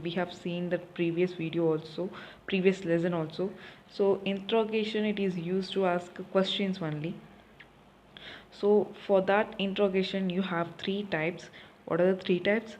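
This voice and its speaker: A woman's voice: on the low side, fairly even intonation, moderate pace, a little mellow, a little hiss or hum. Woman teaching a lesson. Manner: asks and answers her own questions, repeats key points. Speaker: French teacher. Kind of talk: recorded classroom lesson.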